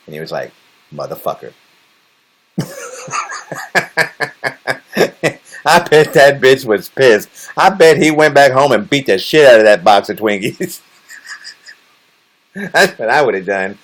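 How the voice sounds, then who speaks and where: A man chatting casually on a livestream, rambling and jokey, swearing a lot and laughing often. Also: low-pitched.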